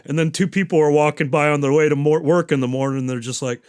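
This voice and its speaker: A man's voice: on the high side, steady tone, fast, darkish tone, clean tone. A man hosting a podcast, recapping a movie in a rambling, profane, casual way. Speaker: podcast host.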